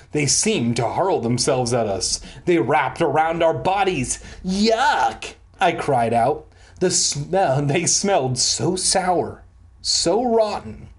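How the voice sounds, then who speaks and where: A man reads a children's horror story aloud for laughs, taking his time over each spooky line. His pitch swings widely as he dramatizes the scene. He then drops into flat, deadpan crude asides before going back to the story. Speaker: comic reader. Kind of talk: comic reading of a children's horror book with asides.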